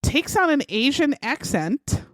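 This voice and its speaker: A woman's voice: high-pitched, unhurried, no echo. Lady on a true crime podcast telling the story, voice jumps all over, dry mic. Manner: animated retelling, acts out quotes in shouted voices. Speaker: podcast co-host. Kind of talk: casual true-crime chat.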